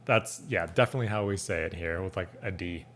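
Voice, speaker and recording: Man, Californian accent, fairly low voice, casual reaction host, easygoing. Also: fast talker, a bit bright, a little hiss or hum. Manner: easygoing, trying words aloud.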